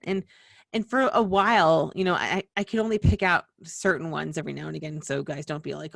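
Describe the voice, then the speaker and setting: A woman's voice: fairly low pitch, brisk, creaky, dry recording. Chatty woman with a dry close sound. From western United States. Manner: chatty, digressive, many restarts and asides. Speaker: small-business video host. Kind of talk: casual rambling explainer.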